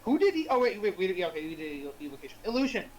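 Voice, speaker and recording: A man's voice: high-pitched, big pitch swings, rapid-fire, slight background noise, poor audio. A man narrating as game master in a chatty way, laughing often and using lots of fillers.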